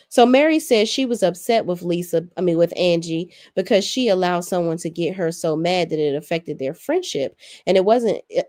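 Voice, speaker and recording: A woman's voice: fairly low pitch, a little mellow, no room sound, clean studio sound. A woman in her forties recapping reality TV in a sassy, profane, blunt way. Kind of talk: casual recap commentary.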